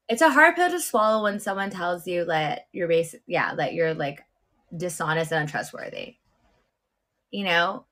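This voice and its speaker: A woman's voice: on the low side, bright, forceful tone. A woman co-hosting a casual talk show, speaking hesitantly with many fillers as she opens up about a personal hurt. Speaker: co-host. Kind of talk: casual chat.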